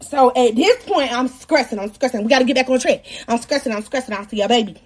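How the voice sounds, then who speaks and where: High-pitched young woman, live-stream storyteller, animated, cussing, laughing a lot. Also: fast talker. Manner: animated, profane and laughing as she tells the story.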